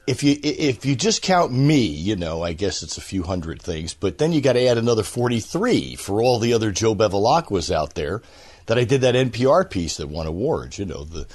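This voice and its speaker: A man's voice: lowish voice, very animated, fairly quick, darkish tone. A man chatting as a radio interview guest, joking and rambling. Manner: joking, rambling, full of voices. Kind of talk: casual interview chat.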